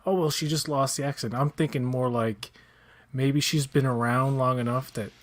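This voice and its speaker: A man's voice: mid-range voice, steady tone, normal speed. A man co-hosting a podcast, explaining points at length in a casual chat. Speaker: podcast co-host.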